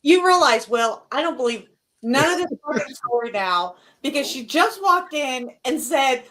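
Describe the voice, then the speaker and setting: A woman's voice: high-pitched, lively intonation, moderate pace, a bit bright, low-quality recording. A woman hosting a casual live stream, bantering bluntly and swearing freely.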